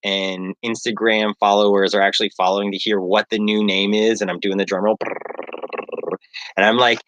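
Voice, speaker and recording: A man's voice: on the low side, level tone, normal speed, a bit bright, a little hiss or hum. A man rambling casually on a livestream as he works, self-mocking and full of fillers. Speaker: livestreaming artist.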